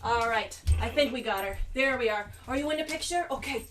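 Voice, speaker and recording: A woman's voice: on the high side, a little fast, fairly bright tone, roomy sound, distant mic, slight background noise. A playful, chatty woman hosting a live virtual show over a video call, talking the audience through each step. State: out of breath. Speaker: performer and host.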